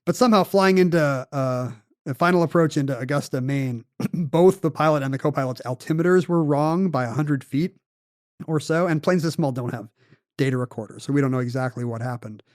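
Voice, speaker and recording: A man's voice: fairly high pitch, no echo. Chatty man telling a story, dry close sound. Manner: conversational storyteller, quick asides. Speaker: podcast co-host. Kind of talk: casual storytelling chat.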